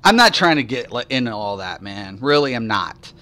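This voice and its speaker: A man's voice: mid-range voice, big pitch swings, normal speed, pushed and bright. A man chatting casually on a live stream, answering viewers at length with rambling, profane rants and lots of fillers.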